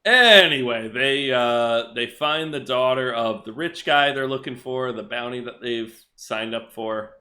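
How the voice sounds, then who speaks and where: A man's voice: medium pitch, steady tone, a little slow, few pauses, sharp tone. A man co-hosting a podcast, recapping comic book plots in casual chat and laughing often. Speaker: podcast co-host.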